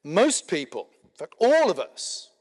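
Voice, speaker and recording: Middle-aged guy giving a lecture, kinda high voice, lots of uhs and dry little asides, big echoey hall. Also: huge pitch swings, slightly rough. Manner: measured and explanatory, with frequent filler words and dry asides. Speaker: conference lecturer. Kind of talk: spoken lecture. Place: lecture room at a conference. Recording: long hall reverb.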